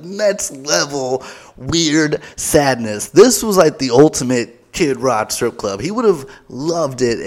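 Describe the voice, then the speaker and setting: A man hosting a podcast, telling a comic story in a rambling, self-mocking way with lots of fillers. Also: medium pitch. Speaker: podcast host. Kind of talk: comedic storytelling.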